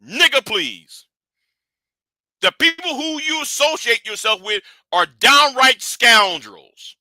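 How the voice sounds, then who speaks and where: A man hosting a livestream, scolding and animated in a profane rant that swings from shouting to hushed. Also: extremely high pitch, slow, no room sound. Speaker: livestream host.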